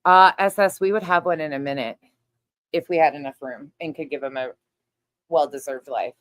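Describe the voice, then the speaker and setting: A woman's voice: sits low, normal speed, no echo. A middle-aged woman hosting a casual livestream chat, talking loosely, laughing often and swearing freely. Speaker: livestream host.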